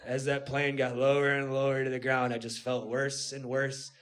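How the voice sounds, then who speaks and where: A male stand-up comedian telling a rambling story on a comedy club stage, dropping low and quiet before building up to shouting. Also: little pitch movement, moderate pace. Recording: live club recording with audience noise.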